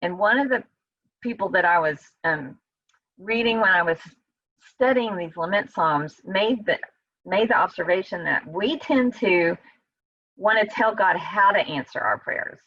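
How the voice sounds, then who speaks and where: A woman teaches a Bible study over a video call in a loose, conversational way, now and then voicing the psalmist's blunt cries. Her voice is bright and sits in a middle pitch. The sound is dry and a little dull, like call audio. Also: animated, a little slow, no room sound.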